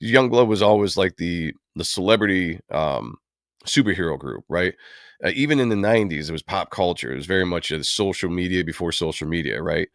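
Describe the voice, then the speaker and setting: A man's voice: deep voice, animated, brisk, a bit bright, no echo, studio quality. A man hosting a livestream, talking casually and at length, rambling with many fillers. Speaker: livestream host. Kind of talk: casual commentary on comic book films.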